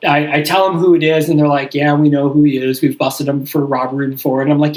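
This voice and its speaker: Fast-rambling young man, higher voice. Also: flat delivery, a little mellow, rough recording. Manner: profane, rambling, heavy use of "like". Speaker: podcast host. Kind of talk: casual storytelling chat.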